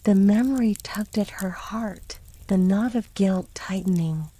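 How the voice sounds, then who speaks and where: Woman whispering a bedtime story super slow, soothing, mellow. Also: mid-range voice, rough recording. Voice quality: soft unvoiced whisper.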